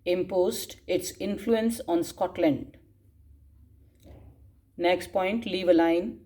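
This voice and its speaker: A woman with a lowish, warm voice dictates class notes as a teacher, spelling out words and repeating phrases. She coughs and clears her throat frequently.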